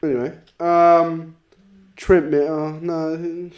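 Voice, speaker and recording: An Australian man on a sports podcast talking slowly, unprepared and quick to laugh. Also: fairly high pitch, little pitch movement, a little mellow. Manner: slow, unprepared, laughs easily. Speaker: podcast co-host. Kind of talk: casual sports podcast chat.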